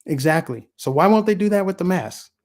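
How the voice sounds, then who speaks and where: Guy ranting on his own show, kinda high voice, sarcastic, lots of rhetorical questions. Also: expressive, brisk, a little mellow. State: voice getting scratchy. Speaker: political commentary host. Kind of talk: casual solo commentary.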